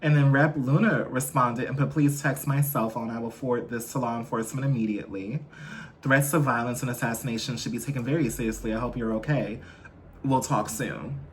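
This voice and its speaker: A man's voice: mid-range voice, slight background noise. Chatty man ranting on a gossip vlog. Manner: chatty, ranting, playful asides. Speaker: host.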